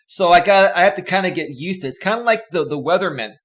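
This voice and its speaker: Talking fast and animated in a high-pitched, slightly bright voice, this Northern California host rambles cheerfully through his live stream. He reads viewer comments aloud from his home green-screen setup, speaking into a desk microphone.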